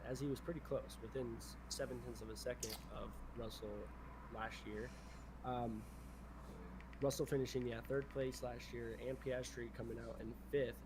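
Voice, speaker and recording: Rambling male streamer, noisy mic. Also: mid-range voice. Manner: rambling, repeats "definitely". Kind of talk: casual chat while gaming.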